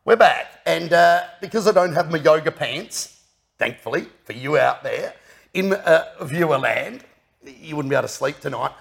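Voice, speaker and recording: Aussie bloke hosting, middle-aged, husky gravelly voice, jokey and rambly. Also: male voice, fairly high pitch, lively intonation, moderate pace, a bit bright. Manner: jokey, rambling, laughs often. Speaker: podcast host. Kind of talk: casual banter.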